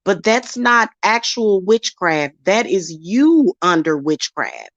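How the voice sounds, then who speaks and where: A woman's voice: medium pitch, huge pitch swings, slow pace, no room sound, lo-fi sound. A woman, talking bluntly and emphatically as host of her own spiritual channel. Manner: blunt, emphatic, slips into acted quotes. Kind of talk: casual chat to camera.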